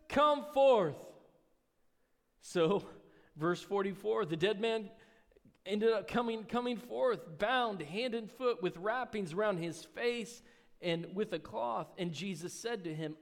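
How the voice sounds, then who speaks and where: A male pastor preaching, reading scripture and explaining it in casual asides, climbing louder on key lines. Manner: rises in pitch and volume on key lines. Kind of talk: sermon. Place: church sanctuary. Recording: long church hall reverb.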